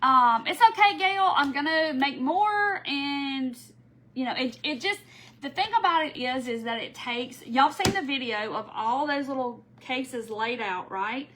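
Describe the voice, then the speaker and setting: A woman's voice: high-pitched, expressive, measured pace, a bit bright, slight background noise, low-quality recording. A woman hosting a casual live craft stream from home. She chats easily, greets viewers by name and laughs often. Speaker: craft host.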